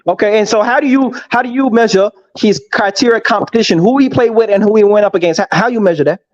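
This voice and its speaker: Podcast co-host, man, high, quick, teasing interrogator on a dull mic. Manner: needling, teasing, repeats his questions. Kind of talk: heated casual sports debate.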